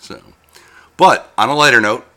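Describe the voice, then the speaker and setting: A man's voice: medium pitch, expressive, moderate pace, pushed and bright. A man co-hosting a casual podcast, dryly steering the conversation to the next topic. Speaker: podcast co-host.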